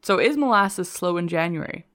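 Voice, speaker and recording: A woman's voice: fairly low pitch, expressive, normal speed, a bit bright. A woman co-hosting a casual podcast, telling history and teasing her co-host in a dry way. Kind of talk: casual chat with read-out history.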